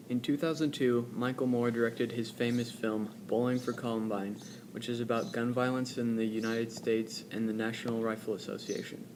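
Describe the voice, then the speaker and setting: Narrator, male, reads evenly and flatly over clear background noise. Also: mid-range voice, normal speed, hardly any pauses. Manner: even, read-aloud delivery. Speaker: documentary narrator. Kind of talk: scripted narration.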